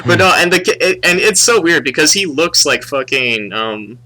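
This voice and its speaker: A young man co-hosting a casual podcast, his voice bright and forceful. He talks in an animated way, swears often and jumps into high-pitched impressions of characters. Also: moderate pace, a little hiss or hum. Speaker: podcast co-host. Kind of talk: casual movie review chat.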